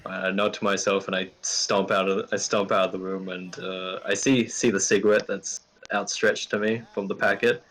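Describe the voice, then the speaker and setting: A man playing a tabletop role-playing game, describing his character's actions in a gruff, swearing manner. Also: low-pitched, flat delivery, normal speed, few pauses, a bit bright. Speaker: player. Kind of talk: casual tabletop role-play.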